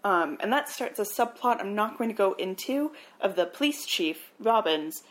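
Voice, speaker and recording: A woman podcast co-host retelling a film plot in a casual, animated way, with wry asides. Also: medium pitch, normal speed. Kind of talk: casual movie recap.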